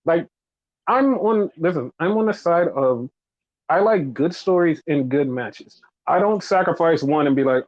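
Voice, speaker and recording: A man's voice: fairly high pitch, expressive, a little slow, dry recording. A man hosting a casual wrestling podcast, ranting in exasperation with lots of swearing and mocking imitations of fans. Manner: profane, exasperated ranting with mocking quoted voices. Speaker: podcast host. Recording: dull lo-fi dry sound.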